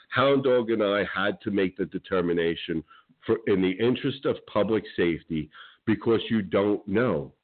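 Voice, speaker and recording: A man calls into a sports talk show, his voice tinny and phone-thin. He rants in a heated, emphatic way, his pitch swinging widely, and he keeps checking in with "okay?" between points. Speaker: wrestling promoter and show guest. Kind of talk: animated radio show rant.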